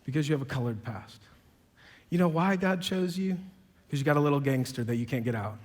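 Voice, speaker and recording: A man preaching a sermon, telling dialogue in conversational voices and building to loud, emphatic peaks. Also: medium pitch, expressive, brisk. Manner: quotes dialogue in conversational voices, self-described sarcastic. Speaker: pastor. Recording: long hall reverb.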